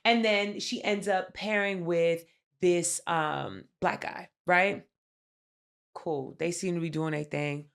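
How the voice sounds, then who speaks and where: Woman podcast co-host, casual recap, blunt and profane, animated storyteller. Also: lowish voice, slow, gravelly. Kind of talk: casual chat, recapping a reality show.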